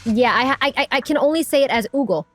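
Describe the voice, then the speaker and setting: A woman's voice: high voice, animated, fast talker, faint music behind. A young woman with a Hispanic accent, giving chatty, giggly commentary while streaming a game. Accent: Hispanic American English. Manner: chatty, giggly, reacts aloud.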